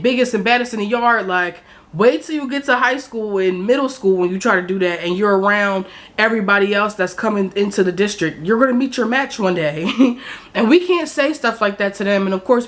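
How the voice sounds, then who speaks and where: A young woman in her twenties, originally from South Jersey, talks straight to her camera in a loose, unscripted vlog. She speaks frankly and drops curse words without a second thought. Her voice sits at an ordinary middle pitch. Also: a bit bright. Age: 20s. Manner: candid, frank, swears freely. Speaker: vlogger. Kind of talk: casual vlog chat to camera.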